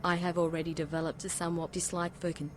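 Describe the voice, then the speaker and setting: A woman's voice: lowish voice, level tone, quick pace, slight background noise, close to an everyday voice. A text-to-speech voice in a woman's register giving lines for a terse, literal data-collecting construct. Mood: detached. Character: Wetware, a cold detached data-collecting construct.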